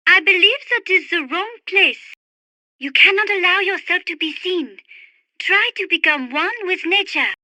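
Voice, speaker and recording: Gentle French bird lover, high bright voice, dry game-radio read. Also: female voice, a little slow, no echo, exaggerated voice. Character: refined young French woman birdwatcher, gentle and dreamy. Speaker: radio support character.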